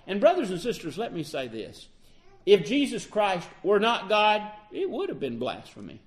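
A man preaching a sermon, acting out the quoted dialogue with lively emphasis. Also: sits high, moderate pace.

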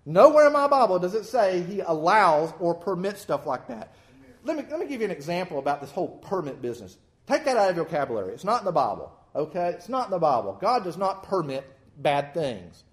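A man preaching a sermon in a folksy, animated way with self-deprecating humor. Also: high-pitched, a little fast.

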